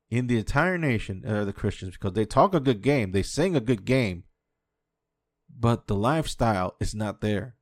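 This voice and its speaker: A man hosting an off-the-cuff podcast rant, swearing heavily and impassioned, swinging between quiet musing and a raised voice. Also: high-pitched, no room sound, clean studio sound. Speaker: podcast host.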